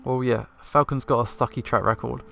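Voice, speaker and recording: A man's voice: mid-range voice, fairly even intonation, brisk, gravelly, pushed and bright, soft background music. A man voicing a blunt, cheeky young male sparrow assistant with sarcastic quips.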